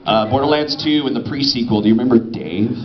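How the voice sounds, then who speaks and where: A man's voice: medium pitch, quick pace. A man who is a voice actor, chatting and laughing playfully with the audience at a convention panel. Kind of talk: casual convention panel talk. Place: large convention panel hall. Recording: echoey hall, muffled, loud crowd.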